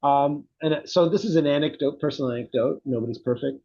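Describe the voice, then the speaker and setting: A man's voice: fairly high pitch, quick pace, warm tone, dull audio. A middle-aged man, a psychotherapy researcher, speaking reflectively in an interview and telling stories with animation. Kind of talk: conversational interview.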